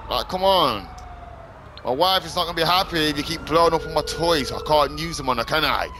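Casting a man as a gaming streamer, loud sweary outbursts and quiet self-talk, with noisy game sound and sirens behind. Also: fairly high pitch, brisk. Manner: swings from shouting and swearing to muttering to himself. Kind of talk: casual gameplay commentary.

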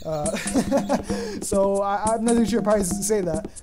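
A man's voice: high-pitched, wildly swooping pitch, slow. A man giving casual gameplay commentary, thinking aloud, unsure of himself and swearing casually. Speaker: gaming YouTuber.

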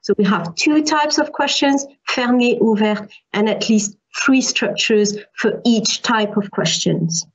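A woman's voice: fairly high pitch, unhurried, hardly any pauses, breathy edge, highs cut off. A female university lecturer giving an online French lesson, explaining patiently with examples and repeating key points.

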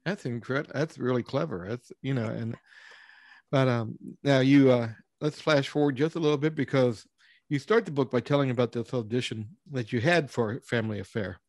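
A man with a middle-pitched voice hosts a conversational interview, laughing along and prompting his guest with things he remembers. The recording is dry and close, with no room sound. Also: fairly quick, a little mellow, dry recording. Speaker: interview host.

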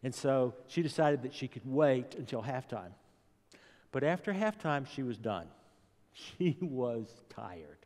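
A male pastor preaching a sermon, telling stories slowly and deliberately and building repeated refrains. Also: medium pitch, sing-song, a little mellow. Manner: slow, deliberate storytelling delivery with rising repeated refrains. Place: church sanctuary. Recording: long church hall reverb.

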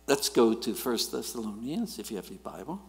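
A middle-aged man, preaching a sermon and telling stories in an animated way, swinging between loud and quiet. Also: medium pitch, normal speed, gravelly, slight background noise. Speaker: guest preacher. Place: church sanctuary. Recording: church hall reverb.

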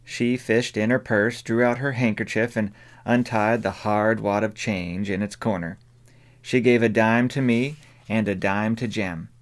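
Low-voiced man narrating an audiobook. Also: steady tone, a little slow. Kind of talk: scripted narration.

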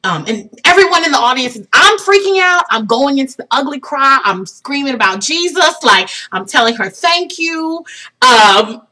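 A young woman telling an excited personal story for her vlog, laughing and swinging from hushed tones to shrieks. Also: on the high side, moderate pace, hardly any pauses. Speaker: vlogger.

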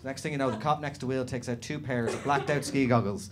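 A man doing animated stand-up storytelling on a comedy club stage, slipping into other people's voices. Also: medium pitch, quick pace, crowd noise. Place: comedy club stage before a live audience. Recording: live room with audience laughter.

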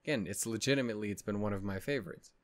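This man's lowish voice comes rapid-fire, with no room sound at all. Hosting an anime reaction channel while tired and yawning, he's agitated, rambling, cursing, and restarting constantly in casual vlog talk.

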